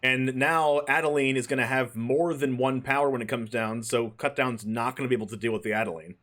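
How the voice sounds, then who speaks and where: A man co-commentating a card game tournament on his stream, giving chatty, relaxed color commentary. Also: medium pitch, a little fast.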